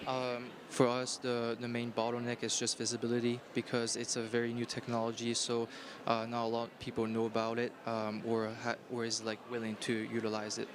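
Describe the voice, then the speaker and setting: A man start-up founder answering panel questions, halting with fillers. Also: mid-range voice, monotone, noisy background.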